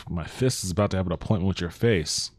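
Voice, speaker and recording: A man's voice: low-pitched, fairly quick, no echo. A man hosting a podcast, giving casual, joking, profane commentary while playing a video game. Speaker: podcast host and gamer.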